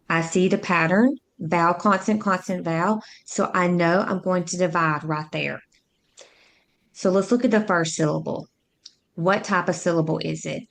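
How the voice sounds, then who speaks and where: A woman tutor narrating a phonics lesson, speaking slowly and clearly as she sounds out words and syllables. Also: on the low side. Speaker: reading tutor.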